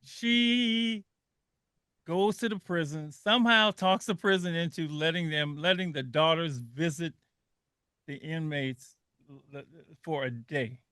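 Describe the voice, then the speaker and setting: This older man hosts a radio talk panel, his voice pitched high and bright. He tells stories with feeling and repeats words as he goes. The sound is dry and close. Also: unhurried, clean tone, dry recording. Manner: animated storyteller, emotional, repeats words. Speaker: radio show host.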